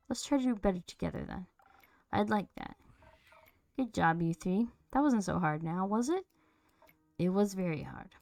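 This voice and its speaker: Streaming a story-driven game, a woman voices all of its characters, playfully shifting from one lively voice to another. Her own voice sits on the low side with vocal fry, and the recording is dry.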